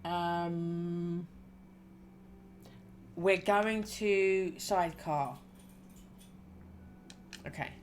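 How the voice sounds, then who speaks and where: A woman's voice: lowish voice, steady tone, extremely slow, long pauses, a little hiss or hum. A woman streamer reading a story game aloud and thinking aloud about her choices between lines.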